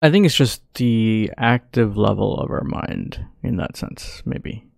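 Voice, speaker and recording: A man's voice: on the low side, unhurried, creaky, dry recording, clean studio sound. A man co-hosting a casual podcast chat, who mostly backs the host up with short agreeing replies.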